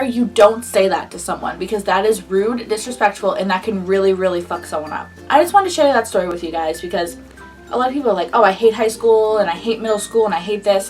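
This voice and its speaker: A woman's voice: on the high side, recorded from a distance. Fired-up young woman telling a story. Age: early 20s. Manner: animated, indignant, swears freely. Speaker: vlogger. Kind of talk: casual storytime.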